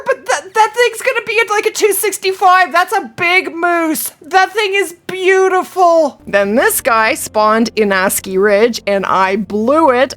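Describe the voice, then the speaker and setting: A woman gaming YouTuber touring her hunting game trophies, chatty and excitable, laughing often over rare finds. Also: on the high side. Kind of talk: trophy tour commentary with clips of past live streams.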